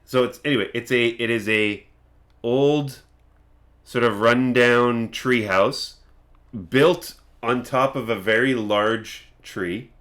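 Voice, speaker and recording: A man's voice: medium pitch, slow, a bit bright. A man acting as game master, describing scenes in a meandering way and restarting his sentences.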